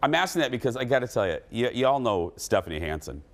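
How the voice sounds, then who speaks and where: A man hosting a talk show, telling a story in a casual, animated way and acting out what people said. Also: mid-range voice, fast. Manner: animated storytelling, acts out quotes. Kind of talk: casual chat.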